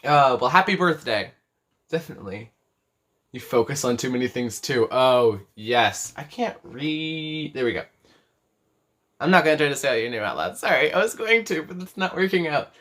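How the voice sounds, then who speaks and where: A bright, forceful, mid-range voice, animated and at normal speed, belongs to an eighteen-year-old hosting a live crochet stream in his bedroom. He rambles along, correcting himself and reading viewers' chat messages aloud.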